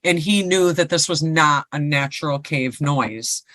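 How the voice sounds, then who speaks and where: A woman's voice: low-pitched, a little slow, a bit bright, no room sound. A woman co-hosting a podcast, casually retelling a ghost story and rambling with lots of fillers. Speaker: podcast co-host.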